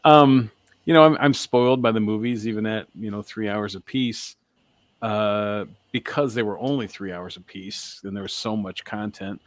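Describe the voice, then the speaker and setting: A man's voice: fairly low pitch, normal speed, no room sound. A man co-hosting a podcast in casual chat, talking hesitantly with many fillers. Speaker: podcast co-host.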